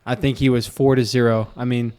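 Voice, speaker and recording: A male podcast host with a smooth, clear voice in an easygoing chat. He tells stories with real energy and acts out what others said, his voice at a middling pitch. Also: brisk. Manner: animated storyteller, acts out quotes loudly.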